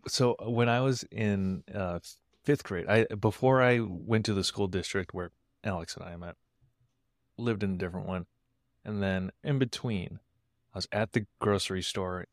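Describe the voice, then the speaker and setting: A man co-hosting a podcast, telling stories in a relaxed, hesitant way with fillers. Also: deep voice, dry recording, clean studio sound. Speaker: podcast co-host. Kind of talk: casual chat.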